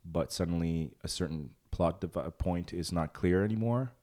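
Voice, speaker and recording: A man with a very low voice hosts a casual podcast chat. He rambles loosely, cracks jokes and restarts his sentences often. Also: normal speed, warm tone. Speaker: podcast host.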